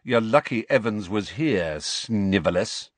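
A man's voice: on the low side, lively intonation, slow, no echo. A man voicing an arrogant, cocky teenage boy in an audiobook, talking in a brash, taunting way. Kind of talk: audiobook character reading.

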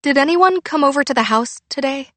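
A woman reading the lines of a driven, quick-witted teenage girl in an audiobook, with a brisk, slightly sassy manner. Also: medium pitch, no echo, close to an everyday voice.

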